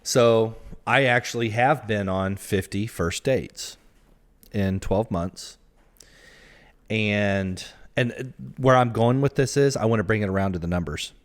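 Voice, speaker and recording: A man's voice: lowish voice, measured pace. A man from the American Midwest co-hosting a podcast, chatting candidly and a little self-deprecatingly about his dating life. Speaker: podcast co-host. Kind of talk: casual chat.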